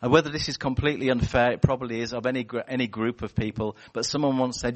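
A man preaching a sermon in a church, animated and chatty, telling stories and acting out voices. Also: mid-range voice, fast talker, hardly any pauses. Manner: animated, storytelling with acted-out voices.

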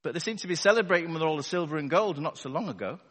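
A man's voice: on the high side, lively intonation, racing, a bit bright. Wry, chatty male preacher in a reverberant hall. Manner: conversational and wry, asks the congregation rhetorical questions. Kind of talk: sermon. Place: church hall with a live congregation. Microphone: wireless battery microphone. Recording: long reverb of a large hall.

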